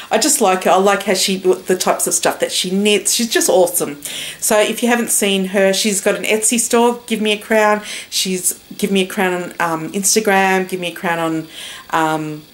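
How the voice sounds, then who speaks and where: An Australian woman talks casually to camera about her knitting. She rambles, restarts sentences and drops in plenty of fillers, at an ordinary middle pitch. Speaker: knitting vlogger. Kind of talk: casual chat.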